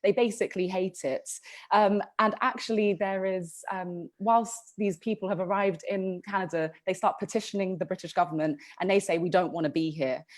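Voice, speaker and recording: A woman's voice: medium pitch, steady tone, moderate pace. Chatty woman podcast co-host. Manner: chatty, lots of ums and restarts. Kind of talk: casual history podcast storytelling.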